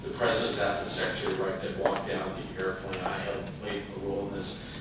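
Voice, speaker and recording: A man telling a funny story to a live audience, animated and laughing through his lines. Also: low voice, fairly quick, very noisy. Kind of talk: humorous anecdote. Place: large hall with a live audience. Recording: echoey room from far off with audience.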